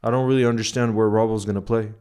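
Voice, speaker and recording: A man hosting a live football watchalong, talking casually and bursting into excited outbursts, his voice going hoarse. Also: lowish voice, quick pace. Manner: excitable, swings from calm analysis to loud outbursts. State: losing his voice. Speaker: football fan streamer reacting live. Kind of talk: live match watchalong chat.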